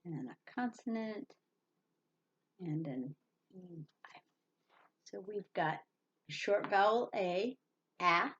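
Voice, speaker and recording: Woman teacher, slow and patient, spells words letter by letter, slightly dull lo-fi sound. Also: medium pitch, lively intonation. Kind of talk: slow reading lesson for young children.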